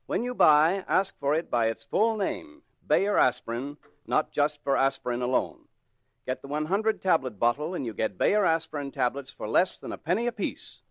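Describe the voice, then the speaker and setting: A man announcing and narrating in a smooth, persuasive 1940s radio style. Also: a little high, big pitch swings, normal speed, fairly bright tone, dry recording.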